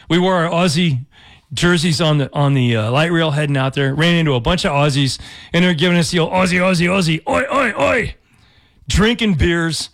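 Male community radio host, slightly high voice, rambling and jokey. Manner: rambling, jokey, with restarts and laughs. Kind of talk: casual radio chat. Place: radio studio.

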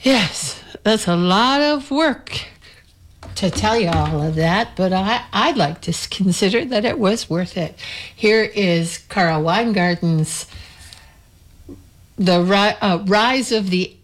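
A woman's voice: medium pitch, animated, takes it slowly. A middle-aged woman hosting a radio music show, chatting in a meandering way with small self-corrections before introducing a track.

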